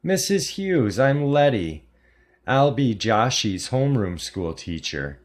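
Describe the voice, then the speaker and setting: A man's voice: mid-range voice, sing-song, slow, voice pushed up. A man voicing a sugary, fake-sweet female schoolteacher who coos in a baby voice. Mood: saccharine. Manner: cooing baby voice.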